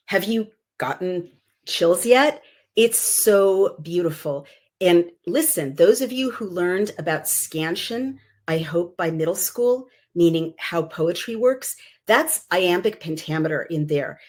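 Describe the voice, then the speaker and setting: A woman's voice: lowish voice, lively intonation, slow pace, darkish tone. A middle-aged woman, a political commentator, reading her essay aloud and breaking off into enthusiastic asides full of fillers. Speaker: political commentator, former consultant.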